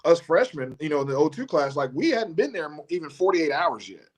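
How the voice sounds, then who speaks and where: A man, telling stories as a guest on a live show. He laughs often and stumbles through restarts, and his voice jumps up high when he mimics his old coach. He sounds relaxed and chatty. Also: a little fast. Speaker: guest, former college football player. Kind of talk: casual storytelling on a live show.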